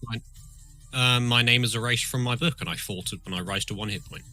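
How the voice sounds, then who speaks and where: A man's voice: medium pitch, fairly quick, bright, forceful tone, faint music behind. A man playing a tabletop game, talking casually and rambling with lots of fillers. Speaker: player.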